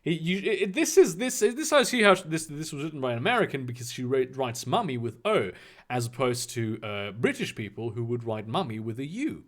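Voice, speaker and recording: A man's voice: mid-range voice, very animated, a little fast. A man reading fan fiction aloud and mocking it with crude, sarcastic commentary and frequent swearing. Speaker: reader and commentator.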